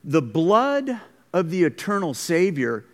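A man's voice: high-pitched, big pitch swings, takes it slowly. A man preaching a conversational, emphatic sermon as pastor, recorded in a school gym. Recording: long hall reverb.

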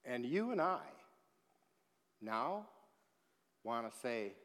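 A man preaching a sermon as pastor, slow and emphatic, swelling in volume on key phrases. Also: mid-range voice, animated. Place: church sanctuary. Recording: long hall reverb.

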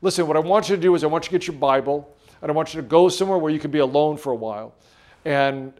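A man preaching a sermon, earnest and repetitive, with pauses and restarts. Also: fairly high pitch, darkish tone. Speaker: pastor.

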